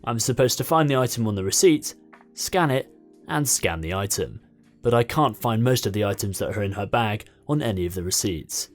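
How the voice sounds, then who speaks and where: Male narrator, lower voice, lively story delivery, soft music under him. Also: moderate pace. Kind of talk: reading a story aloud.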